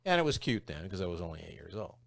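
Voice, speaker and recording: A man's voice: low voice, quick pace, gravelly. A man in his sixties co-hosting a talk show, telling jokey stories in casual chat. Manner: animated, jokey storyteller who slips into impressions.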